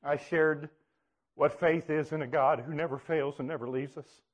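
A man preaching, telling a personal story in an earnest way that swings from hushed to loud. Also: a little high, steady tone, normal speed. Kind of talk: personal testimony sermon.

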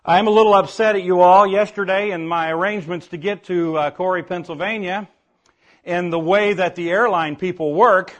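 Older, playful, higher-voiced man preaching. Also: steady tone, moderate pace, fairly bright tone. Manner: playful, folksy, often restarting words. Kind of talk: playful sermon with sung spelling songs.

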